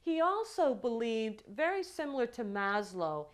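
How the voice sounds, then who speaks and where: A woman lecturing a class on child development, telling examples with animated quoted dialogue. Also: fairly high pitch, a little slow. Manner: storytelling with acted quotes, animated delivery.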